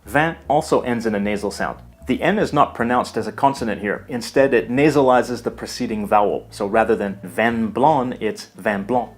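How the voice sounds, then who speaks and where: A man giving a scripted language lesson in a measured, explanatory way. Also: fairly low pitch, faint music behind. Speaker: language teacher. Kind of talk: scripted educational narration.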